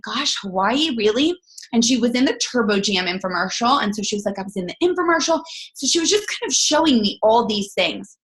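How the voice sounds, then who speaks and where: A woman in her thirties telling a personal story as a guest speaker, acting out her own dialogue. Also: fairly high pitch. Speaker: guest speaker on a team call. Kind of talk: storytelling talk on a conference call.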